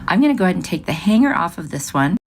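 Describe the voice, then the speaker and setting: A woman's voice: on the low side, sing-song, very fast. A woman hosting a craft channel, chatting through each step of a project in a casual, upbeat way. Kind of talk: casual craft tutorial narration.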